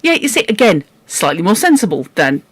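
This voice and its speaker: A woman's voice: medium pitch, big pitch swings, a little fast, husky, no echo. A woman hosting a book club, reading a story aloud and chatting with a self-deprecating humor. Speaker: book club reader and host. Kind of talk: casual read-aloud with chat.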